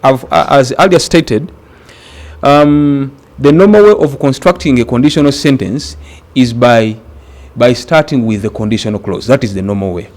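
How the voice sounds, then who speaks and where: Speaking with a medium-pitched, darkish tone, a man from Uganda leads an exam-prep grammar class. He talks deliberately and repeats words to stress them.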